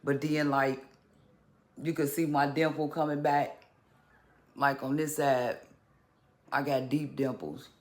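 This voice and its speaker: A man talking casually to camera in a vlog, halting and restarting, with occasional stutters. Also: medium pitch, fairly even intonation. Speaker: vlogger.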